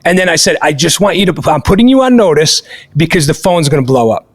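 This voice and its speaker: A man hosting a podcast, telling a story in an animated, emphatic way and swearing freely. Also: a little high, fast. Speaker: podcast host.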